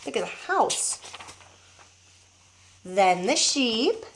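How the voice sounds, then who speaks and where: A teacher reading a children's book aloud to young pupils, pausing to show the pictures. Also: female voice, medium pitch, a little hiss or hum. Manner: expressive, showing pictures as she reads.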